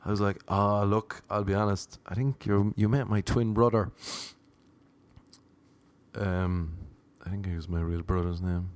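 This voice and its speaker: A man's voice: deep voice, monotone, moderate pace, hardly any pauses, no echo. A young Irish man telling a rambling, self-mocking anecdote in casual chat, slipping into voices for the people he quotes. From Ireland. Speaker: storyteller.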